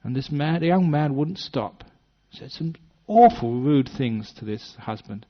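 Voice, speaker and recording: A man's voice: mid-range voice, lively intonation, measured pace. An English man in his sixties, a Buddhist monk telling a story with humor during a dharma talk, putting on little voices for the characters. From British-born, based in Western Australia. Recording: dull lo-fi talk recording.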